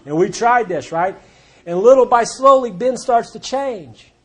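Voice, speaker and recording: Guy with a pretty high voice telling his story at a recovery meeting, blunt and wry. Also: expressive, measured pace. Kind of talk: personal testimony talk. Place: group meeting room.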